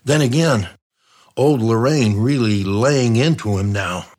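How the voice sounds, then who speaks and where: A man's voice: medium pitch, measured pace, darkish tone. A man reading a comic crime novel aloud, in a dry, wry storytelling manner. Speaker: narrator. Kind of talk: audiobook narration.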